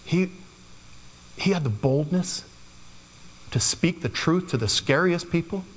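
A man's voice: on the high side, lively intonation, a little slow. A man preaching a sermon in a loose, conversational way, slipping into playful quoted asides. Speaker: pastor. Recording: long hall reverb.

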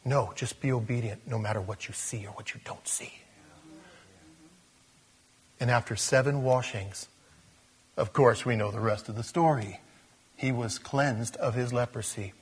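A man preaching a sermon in an animated storytelling style, acting out the scenes he tells. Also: medium pitch, a little slow, long pauses, slightly rough, big-room sound.

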